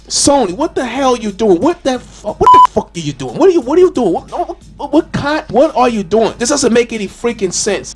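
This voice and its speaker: High-pitched guy ranting about games, yelling exasperated questions, music faintly in back. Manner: loud, exasperated, repetitive rhetorical questions and cursing. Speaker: gaming YouTuber. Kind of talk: animated rant video.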